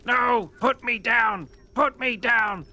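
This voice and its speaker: Whiny, panicky male captive with a high, fretful voice, played by a man. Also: slow pace, gravelly, sharp tone, exaggerated voice. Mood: protesting. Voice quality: high, whining cries.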